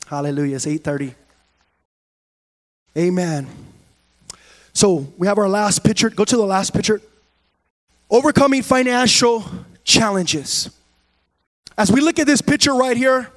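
A man preaching a sermon as pastor, swinging from quiet talk to shouted, sing-song cadences. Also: high-pitched. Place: church sanctuary.

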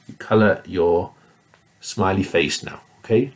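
Male teacher for a children's reading lesson, slow and exaggerated, with a swooping voice. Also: fairly low pitch, expressive, fairly bright tone. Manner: slow, sing-song, exaggerated.

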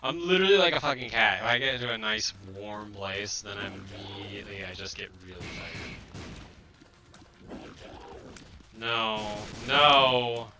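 A man's voice: fairly low pitch, fairly quick, sharp tone, faint music behind. A man giving live gameplay commentary, frustrated and swearing at the game, and tired. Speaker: streamer.

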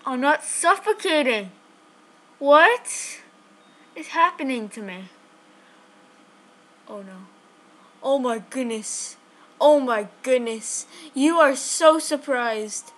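A woman giving chatty, excitable live commentary on her own game, talking straight to her viewers. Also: high voice, takes it slowly, long pauses. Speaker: gaming channel host.

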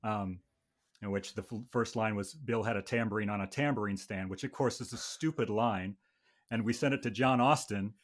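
A man's voice: lowish voice, normal speed. A man hosting a casual podcast chat about music, talking in a wry, rambling way with frequent restarts. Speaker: podcast host and bandmate.

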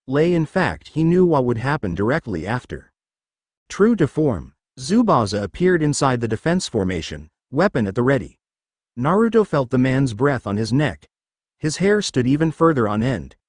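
A man's voice: mid-range voice, a little mellow, no echo, clean studio sound. A man narrating a fan story in a dramatic, scripted reading.

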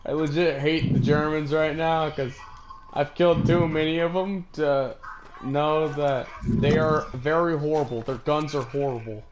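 A man's voice: fairly high pitch, fairly even intonation, measured pace, low-quality recording. A man streaming an online shooter match, chatting casually with a friend, boastful and full of joking trash talk. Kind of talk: casual gameplay chat. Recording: clear background noise.

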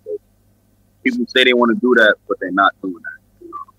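A man's voice: mid-range voice, fairly quick, bright, forceful tone, breathy edge, dry recording, highs cut off. A man from New York with a New York accent, a guest musician rambling in a laid-back, casual interview full of fillers. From Queens and Brooklyn, New York.

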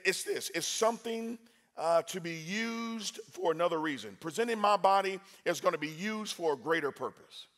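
Male preacher, high voice, lively, talks with the crowd, bursts loud. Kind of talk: sermon. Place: university chapel.

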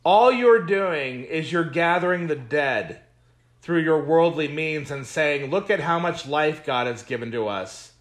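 A male pastor leading a Bible study, speaking at a slow, deliberate pace. His voice sits a little high for a man. He preaches with emphatic repetition and stops to comment on the verses he reads. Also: lively intonation. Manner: reads scripture aloud with comments.

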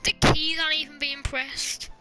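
A woman's voice: sits high, level tone, normal speed, over music. A woman commenting while playing a horror game, chatty and joking, with shrieks at scares. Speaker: gamer. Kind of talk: let's play commentary.

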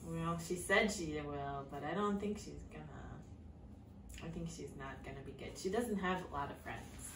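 A woman with a deep voice speaks at a normal speed, reading a storybook aloud to young children she teaches English and asking them simple, patient questions. She sounds far from the mic in an echoey room with faint background noise.

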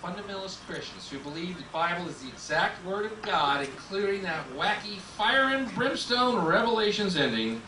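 A man's voice: sits high, very animated, moderate pace, few pauses. A man doing a sardonic, profane stand-up routine, slipping into mocking voices of the people he talks about. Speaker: stand-up comedian. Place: comedy club stage with a laughing audience. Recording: roomy live recording from a distance, loud crowd and noise.

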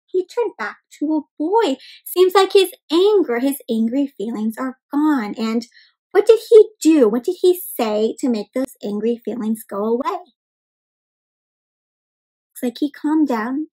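Woman, high-pitched, interactive storybook reading, encouraging, teacher-like, asks children questions. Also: low-quality recording. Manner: asks children questions, addresses them as "my friends". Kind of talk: interactive read-aloud for kids.

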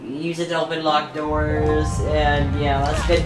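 A woman giving casual, chatty gameplay commentary who talks to herself and breaks into excited yelps. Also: sits low, measured pace, hardly any pauses, echoey room, music in the background. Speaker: let's play host.

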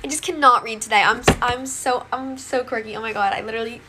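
A woman's voice: a little high, fairly even intonation, fast, very noisy, lightly acted. A woman playing a flustered, scatterbrained schoolgirl who calls herself quirky in a comedy skit. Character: klutzy self-proclaimed quirky schoolgirl.

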